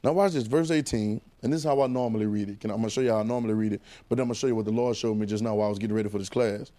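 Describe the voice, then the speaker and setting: A man with a fairly low voice preaches a sermon very fast in call-and-response style. He repeats phrases and swings between loud and hushed delivery.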